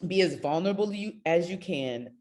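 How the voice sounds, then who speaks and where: A woman's voice: lowish voice, animated, moderate pace, a little mellow. A middle-aged woman spoken word poet talking earnestly on a video call, emotional and close to tears. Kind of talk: casual talk on a video call.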